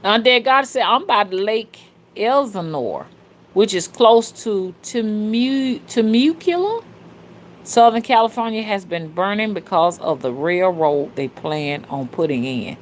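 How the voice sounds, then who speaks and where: A woman hosting a spiritual livestream, talking fervently and casually to her viewers, with sudden loud shouts. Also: mid-range voice, lively intonation, unhurried, a little hiss or hum. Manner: casual and slangy, calls listeners "y'all" and "honey". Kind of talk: livestream talk reading viewer comments.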